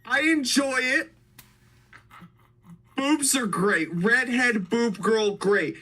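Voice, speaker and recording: A man's voice: extremely high pitch, extremely slow, pushed and bright. A man reviewing horror movies in a crude, joking, riled-up casual chat. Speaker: podcast co-host.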